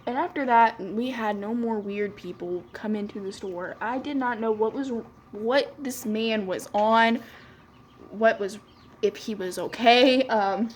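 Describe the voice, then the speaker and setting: Young woman, slightly high voice, casual storytime vlogger, chatty filler-heavy delivery, faint room noise. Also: animated, normal speed. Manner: chatty, lots of "like" fillers, quoting people in dialogue. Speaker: beauty vlogger. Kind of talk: casual storytime while doing makeup.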